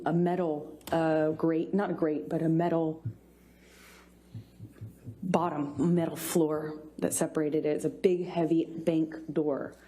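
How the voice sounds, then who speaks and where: A woman giving courtroom testimony from the witness stand, speaking haltingly with many pauses and restarts. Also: low voice, level tone, mellow. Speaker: trial witness.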